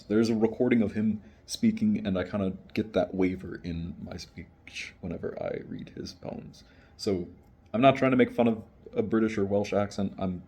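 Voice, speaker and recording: A man's voice: fairly low pitch, a little mellow, breathy edge. A man hosting a poetry video, reading a poem earnestly and then explaining it in loose, casual words. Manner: earnest, deliberate, loose and colloquial when explaining. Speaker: poetry channel host.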